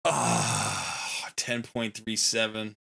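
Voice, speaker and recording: Man streaming a game, bright forceful voice, mid pitch, loose rambling chat. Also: expressive, normal speed. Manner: rambling, self-correcting, easygoing. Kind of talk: casual live-stream commentary.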